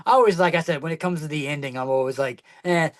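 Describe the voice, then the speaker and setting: A man's voice: a little high, rapid-fire. A man co-hosting a podcast, talking in casual chat that rambles with many fillers and restarts. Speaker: podcast co-host.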